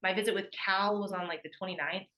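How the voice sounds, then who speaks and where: A woman's voice: mid-range voice, fairly even intonation, brisk, bright, forceful tone, rough recording. A young adult woman, a former college athlete, chatting as a podcast guest and acting out what others said, with lots of "like". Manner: chatty, lots of "like", acts out quoted voices. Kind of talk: casual storytelling interview.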